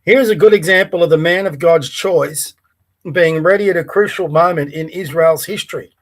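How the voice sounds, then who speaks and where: A man's voice: a little high, moderate pace. A man hosting a conservative livestream podcast near the bay, chatting casually with many fillers and reading a Bible passage aloud. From Australia. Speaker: podcast host. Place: Melbourne, by the bay.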